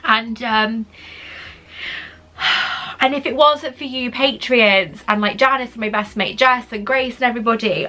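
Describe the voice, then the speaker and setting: A woman's voice: a little high, pushed and bright. A woman vlogger unboxing gifts in casual chat, gushing and emotional, often exclaiming with delight.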